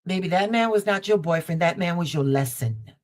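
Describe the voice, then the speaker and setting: A woman's voice: on the low side, animated, fairly quick. Woman doing a live tarot reading. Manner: affectionate, calls viewer baby and mama; repeats phrases for emphasis. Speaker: tarot reader. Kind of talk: live-stream card reading. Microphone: basic streaming setup.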